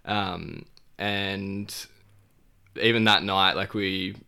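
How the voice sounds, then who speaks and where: A man's voice: low voice, steady tone, very slow, creaky, sharp tone, clear, resonant tone. A man telling a travel story in casual talk, rambling with many fillers and laughing as he goes. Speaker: guest.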